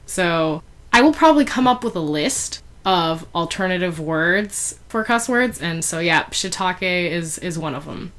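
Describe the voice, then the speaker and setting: A woman's voice: lowish voice, expressive, a little slow, fairly bright tone. Chatty woman reviewer, casual recap, filler-heavy, giggly asides. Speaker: fan fiction reviewer.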